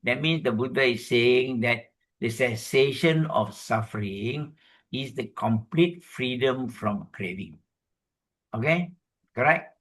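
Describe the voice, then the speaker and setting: A man with a Malaysian English accent giving a Buddhist teaching talk, explaining terms step by step, often checking in with "okay?", and reciting Pali verses slowly. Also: medium pitch, animated, fairly bright tone. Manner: slow measured chanting of Pali verses. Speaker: Dhamma speaker.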